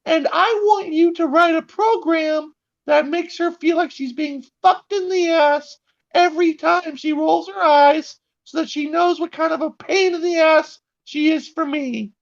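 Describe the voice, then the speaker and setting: A man voicing a complaining middle-aged mother in a shrill, indignant, over-the-top falsetto. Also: fairly even intonation, measured pace, gravelly, lo-fi sound, heavily acted.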